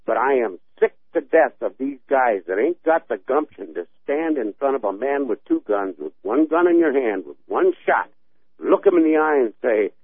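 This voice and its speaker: A man's voice: mid-range voice, expressive, moderate pace, breathy edge, no room sound. Fired-up folksy man on a phone line. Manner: folksy, fired-up ranting with homespun stories. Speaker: radio caller. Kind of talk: talk radio call.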